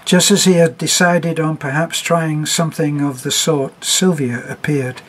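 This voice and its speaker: A man reading a story aloud as narrator, in a measured, even manner. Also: on the high side, a little hiss or hum, poor audio.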